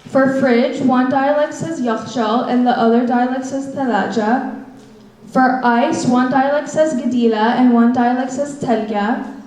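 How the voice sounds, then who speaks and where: A teenage girl with a mellow, fairly high voice reads out a prepared presentation. She moves through her points in a steady, list-like rhythm. A big hall echo surrounds her. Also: measured pace. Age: teens. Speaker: student presenter. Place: school event hall. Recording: echoey hall.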